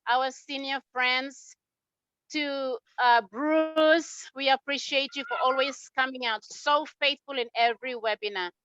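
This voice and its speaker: Bright high effusive woman. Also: steady tone, measured pace, smooth, dry recording. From Papua New Guinea. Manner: effusive, praising, rallying. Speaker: webinar host. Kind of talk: upbeat online webinar shout-outs. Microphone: video call. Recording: muffled lo-fi video call audio.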